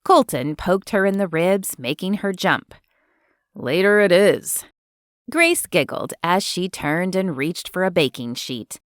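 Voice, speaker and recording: A woman narrating a romance audiobook in an expressive storytelling manner, recorded close to the mic. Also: fairly low pitch, no room sound. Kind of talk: scripted narration.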